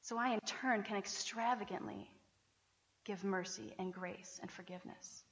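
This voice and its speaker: A woman pastor preaching a sermon in a chatty, animated way, often laughing between points. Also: mid-range voice, moderate pace. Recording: reverberant church hall.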